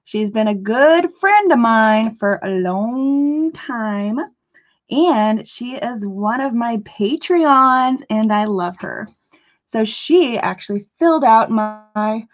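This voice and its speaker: A woman with a high-leaning, animated voice hosts a live crafting talk show, speaking slowly over dull lo-fi stream audio. She chats casually and rambles, goofing around and joking with her chat.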